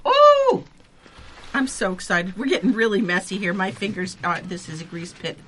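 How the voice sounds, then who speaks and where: A woman's voice: lowish voice, fairly quick, a bit bright, a little hiss or hum. A woman co-hosting a radio food show, bubbly and exclamatory, chatting while tasting food. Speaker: radio co-host. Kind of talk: casual food talk on radio. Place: radio studio.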